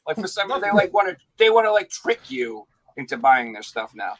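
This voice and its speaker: Animated, profane man chatting on a podcast. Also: high-pitched, a little fast, low-quality recording. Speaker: podcast co-host. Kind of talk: casual podcast chat.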